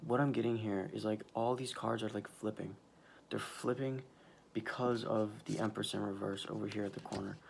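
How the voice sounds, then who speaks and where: A man giving a tarot reading, his low voice heavily gravelly with fry. He speaks in a flat, halting way, restarting his sentences and pausing as if moved. A faint hiss sits under the recording. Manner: halting, emotional, many restarts and sighs. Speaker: tarot reader. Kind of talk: casual tarot reading to camera.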